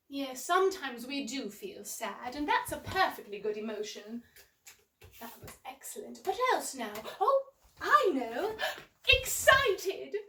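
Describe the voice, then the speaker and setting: A woman playing Mary Poppins, high and bubbly. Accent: English. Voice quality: bright, gasping, exclamatory, full of "oh"s. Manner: coaxing, speaks to young viewers at home. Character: cheerful prim English nanny, woman, young adult. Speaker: storytime host for children. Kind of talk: children's storytime in character. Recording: roomy echo, voice from a distance.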